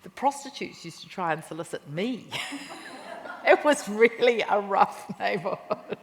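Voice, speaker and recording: A woman with a New Zealand accent, a cookbook author telling lively anecdotes in a stage interview at a live festival talk. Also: medium pitch, measured pace. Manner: animated anecdotes with quoted voices and laughter. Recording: reverberant hall with faint noise.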